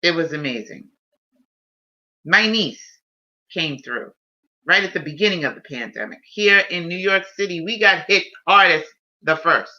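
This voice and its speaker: A woman's voice: lowish voice, normal speed, pushed and bright. A woman hosting a casual live stream, telling a personal story in an emotional, heartfelt way. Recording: dull lo-fi stream audio.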